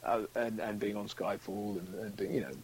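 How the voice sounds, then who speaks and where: A man's voice: on the low side, steady tone, normal speed, husky, poor audio. A British man, an actor, chatting casually as an interview guest, rambling and acting out quotes with frequent laughs. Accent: British English. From United Kingdom.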